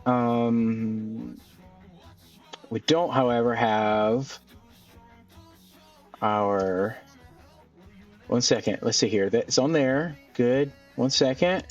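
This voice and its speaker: A man of middle pitch talks through a game as he plays, rambling and thinking aloud with plenty of ums. His voice sits a little back from a dull, lo-fi mic. Soft music plays underneath. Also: very slow, long pauses, recorded from a distance. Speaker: gaming channel host. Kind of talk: casual let's-play commentary. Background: faint background music.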